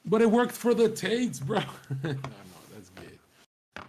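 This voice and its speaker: A man's voice: high voice, very animated, takes it slowly, a little mellow, a little hiss or hum. A young man streaming, talking in a casual, rambling way, swaggering and full of profanity and slang.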